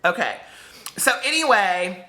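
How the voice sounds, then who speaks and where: A man hosting a casual book vlog from home, telling stories straight to his viewers. His voice is bright and forceful, and his pitch swings widely as he goes. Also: measured pace. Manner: animated storyteller, talks straight to viewers. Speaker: book vlogger.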